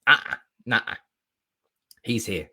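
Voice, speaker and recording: Excited man hosting a live stream. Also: on the low side, takes it slowly, creaky, husky. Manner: animated, swears a lot, reads out chat comments.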